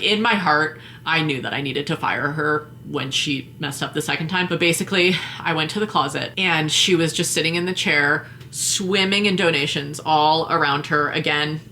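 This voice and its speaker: A woman's voice: low voice, pushed and bright, slight background noise. A woman vlogger and mom telling a story in casual chat, full of "like" fillers. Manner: chatty, lots of fillers like "like".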